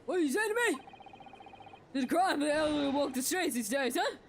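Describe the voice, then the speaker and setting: A woman's voice: high-pitched, expressive, fast talker, slight background noise, voice pushed up. A woman voicing an indignant, hard-of-hearing old male juror from a courtroom game, in a huffy, quavering manner. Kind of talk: reading a game's dialogue aloud.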